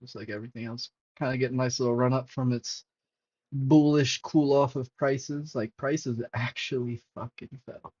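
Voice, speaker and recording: A man hosting a crypto livestream, talking casually and excitably over charts and swearing freely to his chat. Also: mid-range voice, moderate pace, husky. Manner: profane, excitable, talks to chat. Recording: dull lo-fi stream audio.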